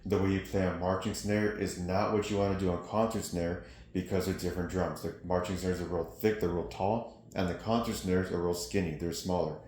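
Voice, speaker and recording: A man's voice: deep voice, fairly even intonation, a little fast. A man giving a snare drum lesson, explaining technique and counting out rhythms between demonstrations. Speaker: percussion teacher. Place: practice studio with drums. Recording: echoey room with loud noise.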